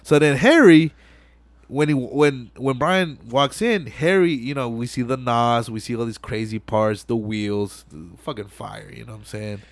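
In an unhurried, mid-range voice on a dry recording, a young man hosting a podcast walks through a film one scene at a time. The casual recap is animated and loaded with profane slang.

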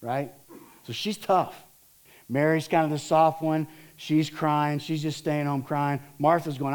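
Guy preaching a sermon, kinda high voice, animated storytelling, does little voices. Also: unhurried. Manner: lively storytelling, acts out voices of disciples and Martha. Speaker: pastor.

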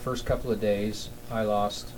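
A man guesting on a podcast in casual chat, speaking haltingly and repeating words as he starts. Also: on the low side, level tone, low-quality recording. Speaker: podcast guest, speech therapist. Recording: audible background noise.

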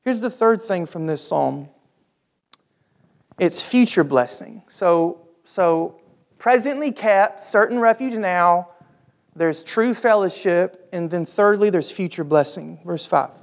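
Pastor, sermon, mid-pitched voice, informal, rhetorical questions, reads then explains scripture. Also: animated, slow pace, gravelly. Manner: conversational, asks the listeners rhetorical questions; informal, with frequent fillers and repeated words.

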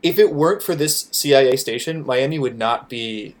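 A man's voice: mid-range voice, moderate pace. A man from Florida, a podcast guest, talking casually in a rambling way, with lots of swearing, fillers and restarts.

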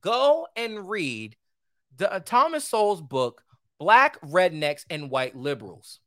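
Male podcast host, heated ranting delivery with animated pitch swings, dry close mic. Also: slow, dry recording. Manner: heated, ranting, swinging between loud outbursts and low asides. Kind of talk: opinionated solo commentary.

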